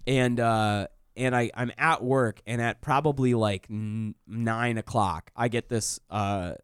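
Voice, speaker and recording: A man's voice: mid-range voice, slow pace, clear, resonant tone, no room sound. Man, comedian guest, casual rambling storytelling, lots of swearing, dry close mic. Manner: animated and profane, frequent "like" fillers. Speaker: comedian and writer, podcast guest.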